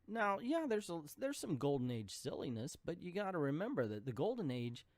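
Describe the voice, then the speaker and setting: A man's voice: on the high side, a little mellow, no room sound. A man reading an old comic book aloud and adding jokey asides. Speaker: comic book reader and commentator.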